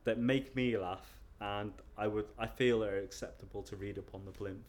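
Fielding interview questions, an English guest sounds low-pitched and a touch mellow, steady in tone and moderate in pace. His manner is relaxed yet halting, full of restarts and self-conscious laughter.

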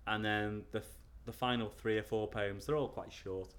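A man's voice: lowish voice, fairly even intonation, moderate pace, a bit bright. A man answering interview questions in a casual, hesitant way, often restarting and laughing at himself. He is from England. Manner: hesitant, restarts often, chuckles self-consciously. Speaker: interview guest.

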